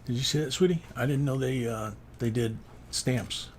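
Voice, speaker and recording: A man's voice: mid-range voice, normal speed, a little hiss or hum. A man hosting a casual coin-hunting livestream, chatting and answering viewer comments as he sorts coins. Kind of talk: casual live-stream chat.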